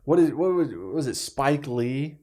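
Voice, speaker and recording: Animated young man, slangy podcast chatter. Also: on the high side, a little slow. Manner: enthusiastic, slangy, says "dude" and "man". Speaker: podcast co-host. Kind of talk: casual chat.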